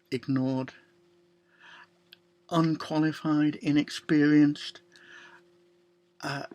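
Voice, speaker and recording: A man preaching a sermon, slow and deliberate, with long pauses and quiet drops to a near-whisper. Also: medium pitch. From Ireland.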